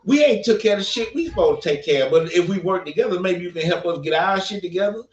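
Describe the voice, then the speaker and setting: Man, podcast co-host, emphatic, preachy, lively pitch, echoey room, a bit far from mic. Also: fast. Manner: preachy, emphatic, talks of leading by example. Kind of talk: casual opinion chat. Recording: echoey room, mic at a distance, dull sound.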